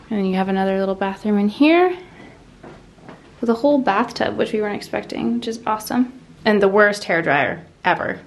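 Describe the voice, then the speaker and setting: A bubbly woman talking to her camera in a casual travel vlog, gushing about everything and laughing often. Her voice drops into a gravelly fry at phrase ends. Clear background noise and ambience hum under her. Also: medium pitch. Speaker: travel vlogger. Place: hotel room and city streets.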